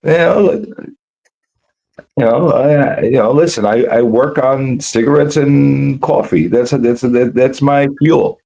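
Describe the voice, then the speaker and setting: A tired man rambling in a casual, profane livestream chat, sounding rough from no sleep and cigarettes. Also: medium pitch, unhurried, mellow. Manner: rambling, profane, full of restarts and fillers. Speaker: guest on a livestream. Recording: dull lo-fi stream audio.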